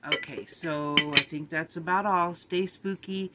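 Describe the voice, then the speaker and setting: A woman's voice: fairly low pitch, fairly even intonation, unhurried, heavy background noise. A middle-aged woman, chatting casually and rambling a little on her vlog while sounding tired and run down. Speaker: vlogger.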